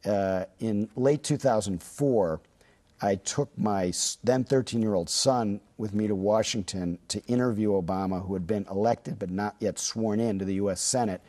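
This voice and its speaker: A male journalist in his fifties, from Chicago in the Midwest, relaxes into storytelling during a studio interview. His voice is warm and on the low side at normal speed, and he hesitates frequently with fillers and restarts.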